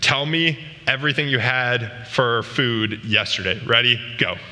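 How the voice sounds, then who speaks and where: A man's voice: medium pitch, unhurried, long reverb tail, noisy background. A man giving a casual, joking sermon to a youth group. He often asks the room questions. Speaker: youth pastor. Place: large room with a live audience.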